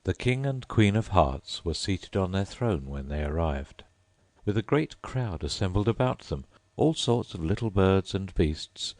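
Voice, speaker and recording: A man reading a classic storybook aloud as an audiobook narrator, in an expressive storytelling manner. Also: low-pitched, no room sound. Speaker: audiobook reader. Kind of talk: scripted narration.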